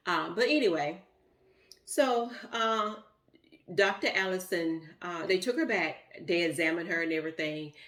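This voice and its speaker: A woman's voice: on the low side, moderate pace, a bit bright. A middle-aged woman, telling a heartfelt personal story in a rambling, emotional way with many fillers. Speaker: vlogger.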